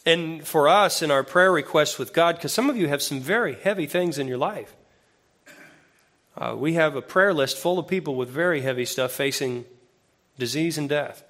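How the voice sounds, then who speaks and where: A male associate pastor delivering a sermon in a relaxed, conversational way. His voice sits a little higher than most men's. He grows lively and more emphatic when he reads scripture aloud. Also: normal speed.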